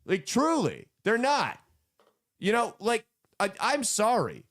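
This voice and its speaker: A man's voice: sits high, wildly swooping pitch, slow pace, fairly bright tone. A man hosting a podcast, ranting bluntly and mockingly in casual commentary with plenty of swearing. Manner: blunt, profane, mocking rants. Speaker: podcast host.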